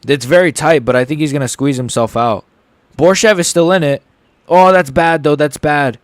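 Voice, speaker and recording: Young man, live fight reaction stream, slightly high voice, excitable, rambling, swearing, dry close sound. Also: normal speed, no room sound. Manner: excitable and rambling, swears, swings from mumbling to shouting. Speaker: livestream host.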